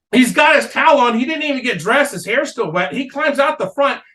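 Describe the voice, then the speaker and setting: A man with a fairly high voice tells a wild story on a casual comedy podcast. He is loose and profane and laughs through his own tale. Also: normal speed, crowd noise. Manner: animated storyteller, swears a lot, laughs mid-story. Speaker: podcast guest.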